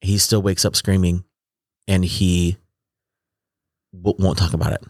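A man's voice: deep voice, level tone, unhurried, dry recording, clean studio sound. A man in his forties talking in a reflective, casual conversation, often trailing off and restarting his sentences. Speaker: podcast host.

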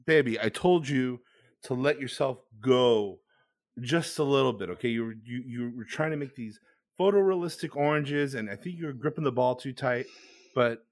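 A man's voice: medium pitch, moderate pace. A man in playful, teasing casual podcast chat. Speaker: podcast co-host.

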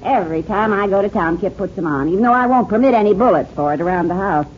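A woman's voice: medium pitch, fast, a little hiss or hum, close to an everyday voice. An actress playing a firm, protective middle-aged ranch mother with a folksy western drawl, in a 1950s radio drama. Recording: dull lo-fi old radio broadcast.

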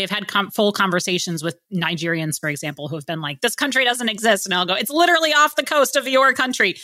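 A woman in her thirties answers interview questions in a chatty, talkative manner. Her voice is bright and crisp, and the recording is dry. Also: mid-range voice, no echo. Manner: chatty, quick asides and reported dialogue. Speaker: podcast guest. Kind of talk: casual interview chat.

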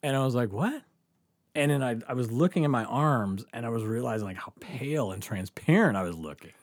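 A man's voice: medium pitch, animated, fast, no echo, clean studio sound. A man telling a rambling, laugh-filled story as a podcast guest, swearing freely and stumbling over his words. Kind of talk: casual storytelling.

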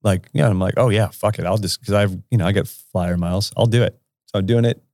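Low-voiced man telling a profane story. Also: steady tone, fast, darkish tone, no room sound, studio quality. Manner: profane, laughing, rambling anecdote. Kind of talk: casual storytelling.

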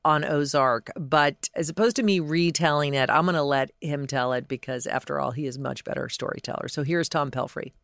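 Podcast host, male, smooth crisp voice, dry close sound, upbeat and chatty. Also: fairly high pitch, fairly even intonation, a little fast, few pauses, fairly bright tone, dry recording. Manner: enthusiastic, conversational. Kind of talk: scripted podcast commentary.

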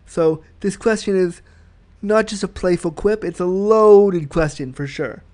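A man's voice: high voice, measured pace, a little mellow. A man hosting a solo podcast, talking frankly and reflectively as he explains his thoughts at length. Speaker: podcast host.

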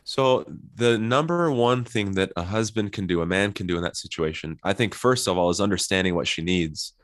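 Deep-voiced man explaining couples advice. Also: fairly quick, dry recording, studio quality. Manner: earnest, explanatory, gives worked examples. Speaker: couples therapist. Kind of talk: interview guest explaining advice.

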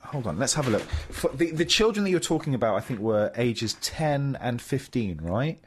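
A man's voice: mid-range voice, big pitch swings, normal speed, breathy edge. A man co-hosting a casual gaming chat show, talking in a rambling, explanatory way with many fillers.

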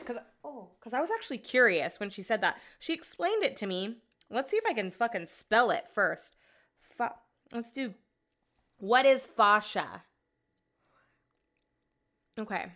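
A woman's voice: on the high side, sing-song, unhurried, long pauses, a bit bright. Chatty rambling woman podcaster. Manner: chatty and rambling, heavy use of "like", casual swearing. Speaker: podcast host. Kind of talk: casual solo podcast monologue.

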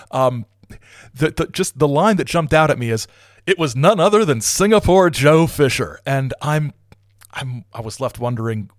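A man's voice: mid-range voice, no echo, studio quality. Chatty man musing with lots of ums. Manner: rambling, digressive, lots of fillers and restarts. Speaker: podcast host. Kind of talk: casual commentary with read-aloud passages.

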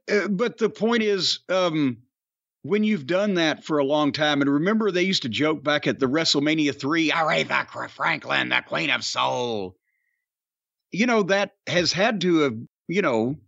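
A man's voice: fairly high pitch, lively intonation, moderate pace, fairly bright tone, no echo. An older man hosting a podcast, rambling and swearing freely in casual chat. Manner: profane, rambling, does mocking voice impressions. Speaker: podcast host. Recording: dull dry lo-fi sound.

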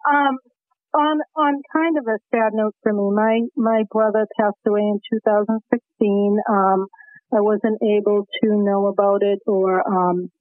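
A woman's voice: medium pitch, steady tone, a little slow, no echo. A woman with a Boston accent calling in to a radio show, talking eagerly and earnestly. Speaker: caller. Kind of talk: call-in radio chat. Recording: phone line.

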